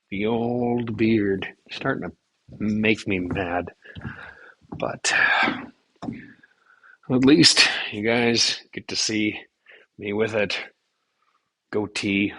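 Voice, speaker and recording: Young male DIY vlogger, slow and offhand, bright forward voice, low-ish register, phone-camera sound in an unfinished room. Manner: mumbling to himself, offhand. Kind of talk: casual narration while working. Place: unfinished basement room under renovation.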